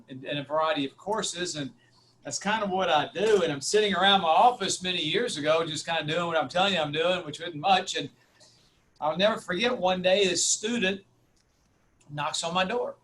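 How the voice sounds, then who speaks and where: A university instructor speaking as a webinar guest, telling a story with animated, acted-out dialogue. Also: male voice, on the high side, slight background noise. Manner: animated, acts out dialogue in a raised voice. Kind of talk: storytelling talk.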